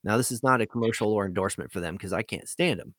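A man's voice: fairly low pitch, fast talker, fairly bright tone, dry recording. A man telling a rambling, profane story in a casual chat as a podcast host.

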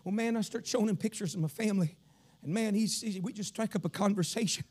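A man from Kentucky with a Southern accent, preaching a revival sermon, swinging from shouted sing-song preaching to low storytelling. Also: fast talker.

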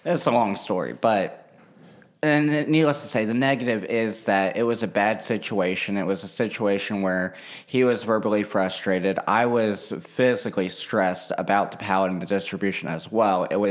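A young man chatting casually, telling a work story in an animated, profane way and acting out what people said. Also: lowish voice, moderate pace. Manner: animated, swears freely, slips into quoting people.

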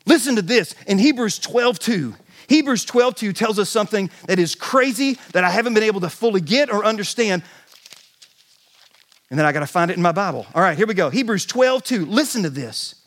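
Male pastor, high-pitched, lively sermon storyteller who shouts for effect. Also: fairly quick. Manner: animated storytelling, shouting in bursts.

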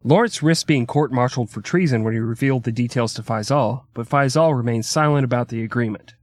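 A man's voice: mid-range voice, a little fast, dry recording, clean studio sound. A man hosting a podcast, narrating history in an irreverent comedic way with crude joking asides. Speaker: podcast host.

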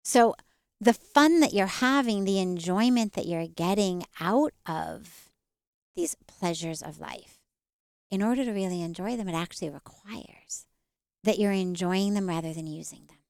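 A woman author talking as an interview guest outdoors, measured, with dramatic pauses and swells. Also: medium pitch, a little mellow, no echo, studio quality. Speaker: author and spiritual teacher.

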